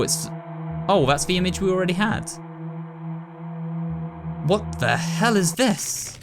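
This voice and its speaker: A man with an English accent reads a game's story aloud and comments on it casually. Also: on the high side. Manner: casual, reads narration slowly and comments quickly. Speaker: gaming YouTuber. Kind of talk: reading game text and commenting.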